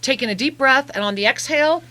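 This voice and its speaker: Bright, effusive woman giving spiritual readings. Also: sits high. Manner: effusive and emotional, slows into soft guided meditation. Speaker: radio show host and spiritual reader. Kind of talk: live call-in soul readings.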